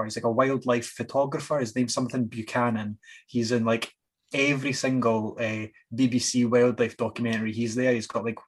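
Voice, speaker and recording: Man, podcast co-host, animated storyteller, husky voice. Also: medium pitch. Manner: animated storyteller, swears freely, acts out quoted voices. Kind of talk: casual chat.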